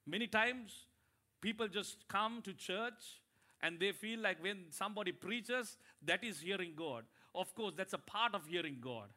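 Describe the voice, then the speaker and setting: Man, pastor, sermon in church, high pitch, animated call-and-response. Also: unhurried. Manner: animated preaching with rising emphasis and audience call-and-response.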